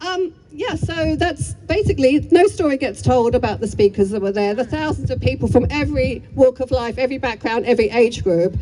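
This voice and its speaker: A woman's voice: high voice, a little fast, few pauses, dark tone, a little hiss or hum. A woman speaking at an outdoor street rally, heated and rambling, breaking into chants between apologetic asides. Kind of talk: impassioned rally speech and chanting.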